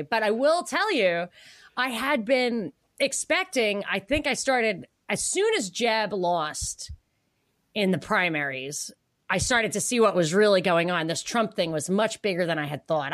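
A woman co-hosting a podcast in casual political chat, animated, laughing often and acting out the people she quotes. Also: mid-range voice. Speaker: podcast co-host.

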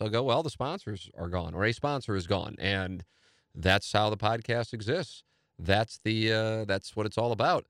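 A man with a St. hosts his own podcast, rambling loosely and solo in casual talk. He's enthusiastic and self-deprecating, his slightly low voice captured close and dry without room sound.

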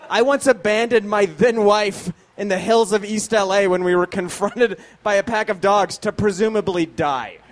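A man telling a self-deprecating true story on stage at a live show, swearing often and laughing as he talks. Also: high voice. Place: small live venue with audience.

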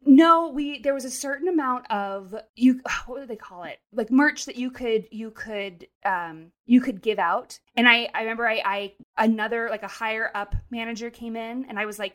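Woman telling a story, high-pitched. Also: moderate pace, few pauses. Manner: animated storytelling with many restarts. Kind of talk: casual chat. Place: New York City.

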